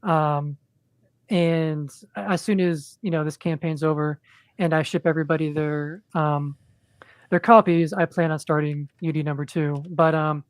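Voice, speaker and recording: A woman who creates comics, a guest in casual podcast chat, speaking hesitantly with many pauses. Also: low voice, steady tone, dry recording. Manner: hesitant, lots of fillers and restarts.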